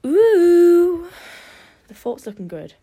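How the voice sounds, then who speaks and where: A woman's voice: on the high side, animated, slow, a little mellow, breathy edge, low-quality recording. A woman vlogging in casual self-talk, out of breath and self-mocking, often dropping to a whisper. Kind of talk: casual self-talk while building a blanket fort.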